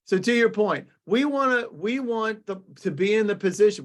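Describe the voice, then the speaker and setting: An upbeat, joking man with a fairly high voice hosts a business webinar over a video call. He talks in a loose, casual way and often restarts his sentences. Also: animated, normal speed, hardly any pauses, fairly bright tone. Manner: upbeat, jokey, lots of restarts. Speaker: webinar host.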